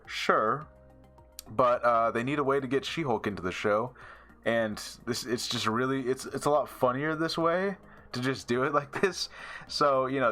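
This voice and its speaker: A man's voice: medium pitch, pushed and bright. A man casually reviewing a TV episode, rambling with many fillers and little laughs. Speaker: show reviewer.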